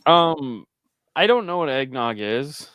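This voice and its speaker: A man co-hosting a casual chat show, telling stories with lively quoted voices. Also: mid-range voice, takes it slowly, smooth, no room sound, clean studio sound. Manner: animated storyteller, jumps into quoted voices. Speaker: podcast co-host.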